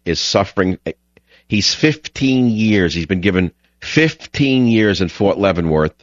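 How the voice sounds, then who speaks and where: This New York radio talk show host, middle-aged, runs his call-in program in a blunt, opinionated style and restarts his words when beginning to speak. He has a lowish voice, and the recording is muffled but free of echo.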